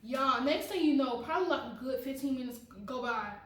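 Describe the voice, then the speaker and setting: A woman's voice: high-pitched, fairly quick, echoey room, far from the mic, rough recording. A woman vlogger telling a personal story in a casual, dramatic way, often laughing and talking straight to her viewers.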